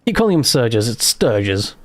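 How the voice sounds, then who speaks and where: A man talks his way through a live game session in a loose, muttering commentary, as if chatting to himself. His voice sits at an ordinary middle pitch. The sound is close and dry, with no room around it. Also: big pitch swings, a little slow, dry recording. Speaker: gaming streamer. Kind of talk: casual live gameplay commentary.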